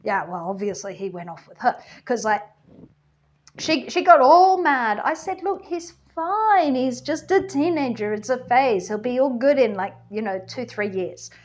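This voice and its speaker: A woman's voice: on the high side, animated, a little slow. A woman playing a gossipy underworld goddess queen. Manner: chatty, gossipy, full of "like" and "you know". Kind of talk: comic character monologue.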